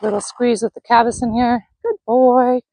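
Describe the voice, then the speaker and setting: A woman training a horse on the lunge line, calmly explaining each step and praising the horse. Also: a little high, normal speed, no room sound, poor audio. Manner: calm coaching, talking to the horse. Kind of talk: narrated lunging session. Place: outdoor arena.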